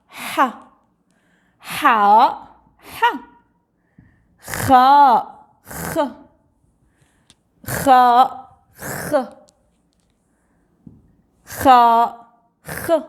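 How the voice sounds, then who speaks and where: A woman teaching the alphabet, repeating each letter slowly for the listener to echo. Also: high-pitched. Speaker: Arabic teacher. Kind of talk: slow spoken alphabet lesson.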